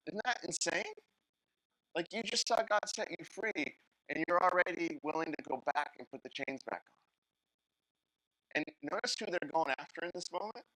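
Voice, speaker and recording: A man preaching a sermon as a guest pastor, telling the story in an animated way and acting out the characters' lines while talking straight to the congregation. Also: a little high, normal speed, pauses often, dry recording, rough recording. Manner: animated storytelling, acts out Bible characters in voices; talks to the congregation directly.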